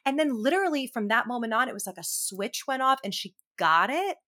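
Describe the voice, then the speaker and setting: A woman co-hosting a podcast, telling stories in a lively casual way and laughing easily. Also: on the high side. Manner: lively storytelling, quick to laugh. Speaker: podcast co-host. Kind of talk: casual chat.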